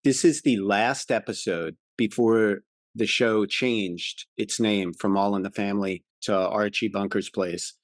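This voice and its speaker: A man co-hosting a podcast, chatting casually about classic television and retelling episodes with animated enthusiasm. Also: on the low side, a little slow, dry recording, clean studio sound. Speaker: podcast co-host.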